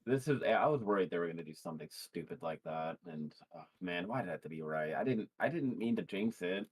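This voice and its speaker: A man's voice: low-pitched, expressive, brisk, darkish tone, breathy edge. A man reacting on a live stream, blunt and outraged, swearing freely.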